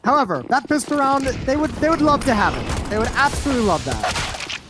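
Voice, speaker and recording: A man casting a live esports match, calling the play quickly and adding wry, self-deprecating asides. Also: very high-pitched, very animated, noisy background. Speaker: esports caster. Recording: loud game gunfire behind voice. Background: gunshots and clicks from the game.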